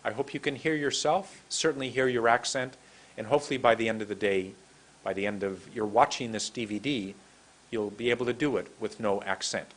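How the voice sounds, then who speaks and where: A man teaching English pronunciation in a lesson, speaking slowly and deliberately as he demonstrates words one at a time. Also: lowish voice, fairly even intonation. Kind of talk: instructional lesson, slow drills.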